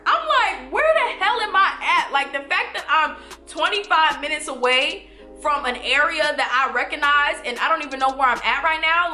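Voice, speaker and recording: A woman in her twenties telling a storytime vlog, animated and casual, swearing and talking straight to viewers. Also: sits high, roomy sound. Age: 20s. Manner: animated, swearing, addresses viewers as y'all and you guys. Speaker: vlogger.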